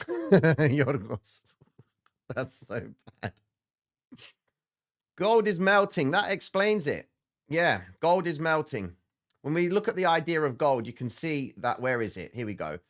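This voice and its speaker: A man of Greek origin hosts a live trading stream, breaking down the markets in an animated, excitable way. His voice climbs sharply when he gets worked up, then drops back to a steadier explaining tone. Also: moderate pace. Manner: animated, excitable, rises high when exasperated. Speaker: livestream market analyst host. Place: indoor studio under bright lights.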